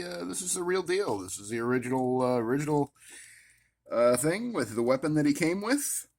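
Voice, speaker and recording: A man casually rambling at his worktable about his action figures, with many "uh" fillers and wry, self-amused asides. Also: medium pitch. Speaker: action figure collector vlogger. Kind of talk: casual rambling show-and-tell.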